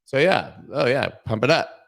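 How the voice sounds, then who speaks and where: A man's voice: mid-range voice, animated, moderate pace, vocal fry, fairly bright tone, a little hiss or hum. A man hosting a live crypto news stream in a casual chat style, joking and riffing as he talks to his viewers on a webcam. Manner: jokey and playful, riffing on silly bits. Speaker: host of a crypto news livestream. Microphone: webcam framing, sitting at camera.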